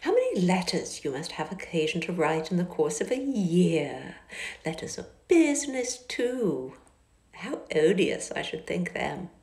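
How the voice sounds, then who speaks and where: A fawning young society lady with a high, gushing, sing-song voice that drops now and then into a breathy whisper, as a woman reads her out in an audiobook. The sound bounces around the small, echoey space of a car. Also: big pitch swings, measured pace, a little mellow, full character voice.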